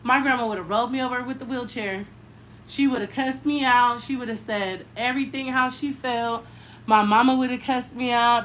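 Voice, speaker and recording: Fixing her daughter's hair, this thirty-something mom keeps up a frank, slang-heavy stream of chatter. Her voice sits a little high, with a brisk delivery and a fairly bright tone, captured on poor audio.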